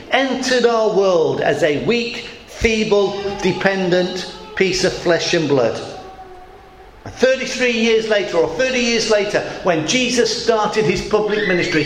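High-voiced preacher in an echoey hall. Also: male voice. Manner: conversational preaching with rhetorical questions and quoted voices. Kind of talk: sermon. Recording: echoey hall with faint noise.

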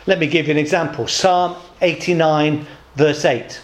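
A man's voice: fairly high pitch, fairly even intonation, roomy sound. A man preaching a sermon at a church service, telling jokes and speaking in short, paced phrases. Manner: jokey storytelling, pausing in short phrases.

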